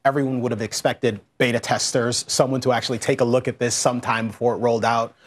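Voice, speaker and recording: A man's voice: mid-range voice, level tone, fast. A man co-hosting a TV panel show, wry and pressing his point with many restarts. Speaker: co-host. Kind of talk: TV panel debate.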